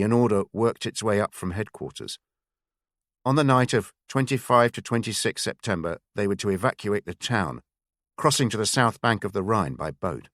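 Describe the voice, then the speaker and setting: A man narrating a thriller audiobook in a measured, expressive way. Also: lowish voice, no room sound, clean studio sound. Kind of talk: scripted narration.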